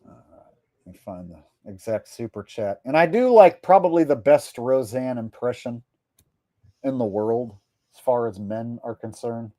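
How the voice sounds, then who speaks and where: A comedian chatting loosely on his livestream, joking and rambling as he answers viewers. His voice is mellow and relaxed, at an ordinary male pitch. The sound is dry and close, with no room behind it. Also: measured pace, no echo. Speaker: comedian and streamer. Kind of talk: casual livestream chat reading viewer messages.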